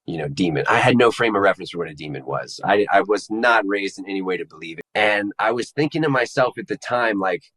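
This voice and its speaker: A man with a fairly low voice recounts a personal experience to an interviewer. His delivery is conversational and halting, and he pauses and restarts as he searches for the right words. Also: expressive, fairly bright tone, low-quality recording. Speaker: interview guest. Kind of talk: personal testimony in casual conversation.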